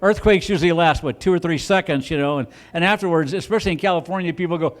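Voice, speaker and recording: A man's voice: a little high, fast. A man doing a stand-up comedy set on a club stage, rambling and self-deprecating, with frequent restarts.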